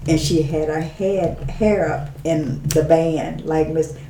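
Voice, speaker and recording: This woman speaks slowly in a low-pitched voice, giving an interview-show guest's heartfelt testimony. She's an animated storyteller who laughs a lot and goes quiet when quoting people. The room sounds roomy, with a little hiss or hum.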